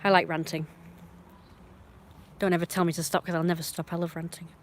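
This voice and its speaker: A woman's voice: fairly low pitch, flat delivery, fairly quick, a little hiss or hum. Blunt, rambling woman ranting on stream. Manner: swings between muttering and loud outbursts. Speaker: livestreamer. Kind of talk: casual livestream rant.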